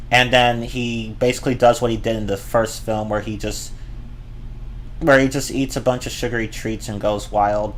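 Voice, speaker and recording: A man's voice: medium pitch, a little hiss or hum. A man giving a ranting movie review, exasperated and profane, often repeating and restarting his words.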